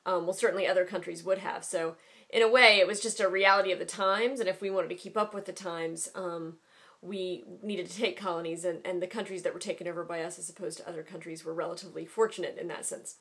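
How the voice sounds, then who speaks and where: A woman's voice: on the low side, fairly even intonation, fast, fairly bright tone. An American woman teaching a history lesson in a conversational way, with frequent ums. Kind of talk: recorded classroom lecture.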